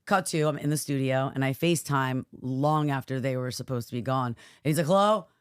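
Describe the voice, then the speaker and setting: A woman co-hosting a casual podcast chat, telling a story and acting out the people in it with lively voices. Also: very deep voice, brisk, clean tone, dry recording, studio quality. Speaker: podcast co-host. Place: studio.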